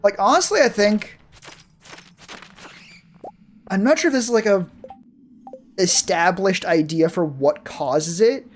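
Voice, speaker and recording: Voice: mid-range voice, expressive, moderate pace, a little hiss or hum. A game streamer chatting casually with viewers while playing, rambling and swearing freely. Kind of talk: casual live-stream chat while gaming.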